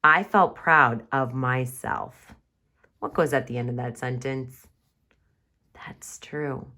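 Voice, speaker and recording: A woman with a bass voice that sounds pushed and bright teaches young children writing remotely, filmed at home. She sounds out words slowly and reads her story with exaggerated expression.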